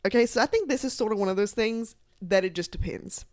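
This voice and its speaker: A young woman chatting casually about books to her followers, animated and full of filler words and laughter. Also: medium pitch, quick pace, no echo, clean studio sound. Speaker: book content creator. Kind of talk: casual chat to camera.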